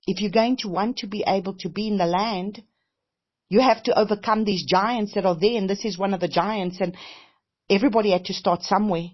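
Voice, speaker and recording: A woman's voice: medium pitch, steady tone, a little fast, slightly rough. A woman minister giving a heartfelt, conversational testimony-style sermon, often repeating phrases and saying "you know". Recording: dull lo-fi recording.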